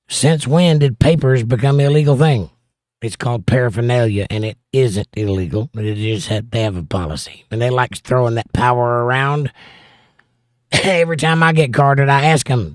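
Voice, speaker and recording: A man's voice: medium pitch, normal speed, no room sound, clean studio sound. Wry middle-aged man reading chat. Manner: wry, joking asides between read-outs. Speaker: livestream host. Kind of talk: casual chat, reading viewer comments aloud.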